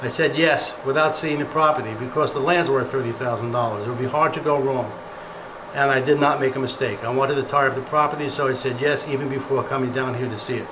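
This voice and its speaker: A man's voice: medium pitch, fairly even intonation, fast, noisy background. A man who invests in real estate, giving a casual, plain-spoken walkthrough of a house he is renovating, thinking aloud as he goes. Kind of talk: walkthrough property tour. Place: empty house under renovation, indoors. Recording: echoey bare rooms.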